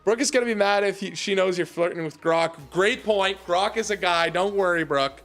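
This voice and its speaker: A man's voice: high voice, normal speed, fairly bright tone, soft background music. A young man hosting a casual home livestream, hyped and chatty, talking straight to his viewers. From Canada. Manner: hyped, talks to chat, calls viewers baby and y'all. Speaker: livestream host. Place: home basement room.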